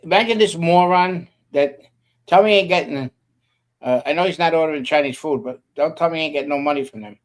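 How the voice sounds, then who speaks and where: A man's voice: a little high, quick pace. A man co-hosting a casual political stream, blunt and scornful in his remarks. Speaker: co-host. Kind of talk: casual political chat show.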